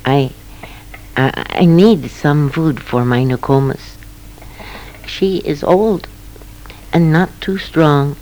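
A woman doing a hushed, earnest young hunter. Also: deep voice, slow pace, long pauses, slight background noise, poor audio. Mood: pleading. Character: earnest young male hunter, humble and gentle.

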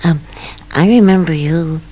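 A woman voicing a small, cheerful male field mouse who squeaks and stammers eagerly. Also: unhurried, mellow, lo-fi sound.

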